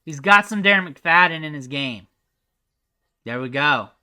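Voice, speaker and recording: A young man giving casual, chatty commentary over football highlight film, thinking aloud and trailing off quietly at the ends of his sentences. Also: animated, measured pace, smooth. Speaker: recruiting analyst host.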